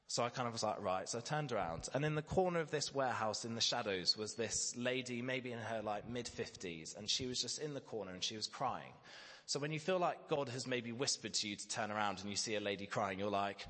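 A man's voice: medium pitch, brisk, fairly bright tone. A man preaching a sermon, telling a candid, self-deprecating personal story. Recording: reverberant church hall.

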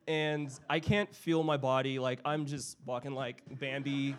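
A young man telling a personal story in casual chat, animated and full of fillers, acting out family members' voices. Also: medium pitch, unhurried, hardly any pauses, slight background noise.

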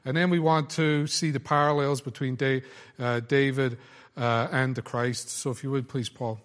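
An Irishman leading a group Bible study in a relaxed, chatty way with many fillers. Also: medium pitch, normal speed. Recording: long hall reverb.

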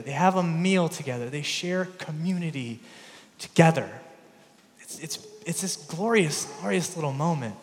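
Guy preaching in a big echoey church, kinda high voice, chatty storytelling, trips over his words a lot. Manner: warm conversational storytelling with stammered restarts. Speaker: pastor. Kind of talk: sermon.

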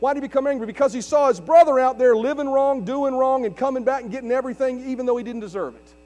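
A man with a very high, dark-toned voice talks fast as he preaches a sermon, pressing his points with rising emphasis and calling out questions to the congregation. The recording carries the long reverb of a large hall along with mains hum.

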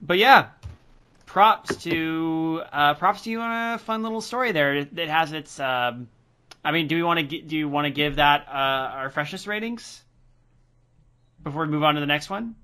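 Bright, crisp-voiced man cohosting. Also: fairly high pitch, moderate pace. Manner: joking, swears freely. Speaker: podcast co-host. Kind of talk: casual chat.

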